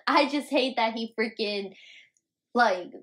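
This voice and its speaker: A young woman co-hosting a podcast in casual chat, excitable and quick to laugh. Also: a little high. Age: young adult. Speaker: podcast co-host.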